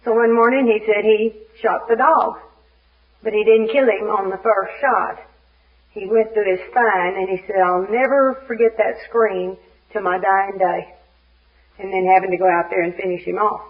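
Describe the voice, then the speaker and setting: Woman speaker, recovery share, animated comic storyteller; dull lo-fi tape. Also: mid-range voice, moderate pace. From Little Rock, Arkansas. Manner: animated, comic storyteller who acts out scenes. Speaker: speaker at a recovery fellowship meeting. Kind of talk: humorous personal storytelling share.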